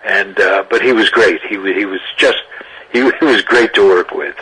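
Vieil acteur au timbre vif et voilé. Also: male voice, on the low side, normal speed, slightly rough, low-quality recording. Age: older. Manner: lively anecdotal telling with laughs and restarts. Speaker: actor guest. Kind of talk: interview storytelling.

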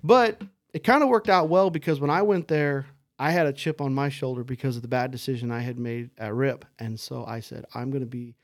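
This is a man of ordinary pitch, speaking as a podcast guest and telling stories about his own past. He is candid and self-deprecating and keeps saying "dude". The sound is close and dry. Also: fairly quick, few pauses, dry recording. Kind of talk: casual podcast storytelling.

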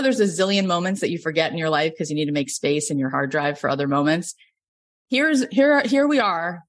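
A middle-aged woman from Florida, a business coach telling a personal story, animated and acting out quoted lines. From Florida, USA. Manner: animated, acts out quotes with big pitch jumps. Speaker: business coach and podcast host. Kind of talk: storytelling lesson.

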